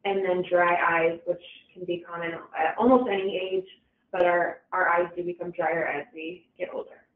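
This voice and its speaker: A woman talks through an educational webinar in a loose, casual way, with fillers and restarts. Her voice sits at a middling pitch and comes through a thin, phone-like channel. It also sounds distant and roomy. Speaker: webinar presenter. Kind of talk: informal educational presentation.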